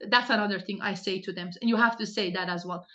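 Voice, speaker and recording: Insistent bright-voiced woman coaching on a call. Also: mid-range voice, fairly even intonation, fast talker, lo-fi sound. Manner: direct and insistent, many restarts. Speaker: team leader coaching sales recruiters. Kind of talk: coaching on a group video call. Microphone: video call.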